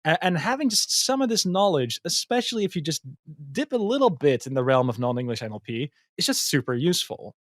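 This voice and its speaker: Dry, higher-voiced man explaining, many fillers. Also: big pitch swings, brisk, hardly any pauses, no room sound. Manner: hesitant, many fillers and restarts; thoughtful explaining tone. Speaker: guest, machine learning engineer. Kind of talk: casual podcast conversation.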